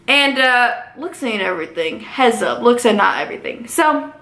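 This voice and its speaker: Young woman, sassy storytime vlogger, high voice, echoey room. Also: measured pace. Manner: sassy, animated storytelling with slang. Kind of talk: casual storytime vlog.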